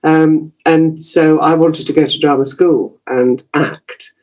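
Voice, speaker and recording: A man's voice: a little high, fairly even intonation, slow, a little mellow. A man, a journalist being interviewed, telling stories from his youth in a chatty way, laughing easily and restarting his sentences. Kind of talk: reflective conversational storytelling.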